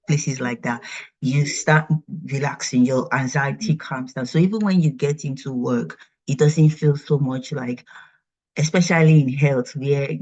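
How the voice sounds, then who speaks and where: Woman hosting, muffled sound. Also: rumbling low. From Nigeria. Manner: lively, chatty, asks questions. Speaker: workshop host. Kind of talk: conversational interview. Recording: slightly dull, muffled audio.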